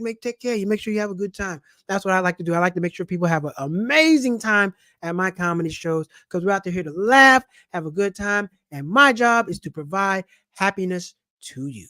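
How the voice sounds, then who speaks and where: A middle-aged man, hosting a casual money vlog in an animated, preachy way full of street slang. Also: high-pitched, a little fast, dry recording, clean studio sound. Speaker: channel host and comedian. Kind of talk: casual personal finance vlog.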